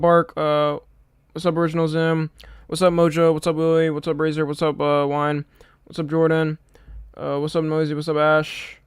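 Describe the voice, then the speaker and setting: A man's voice: fairly high pitch, clean tone, dry recording, studio quality. A young man streaming live, chatting casually and a little tired, swearing freely as he greets viewers by name.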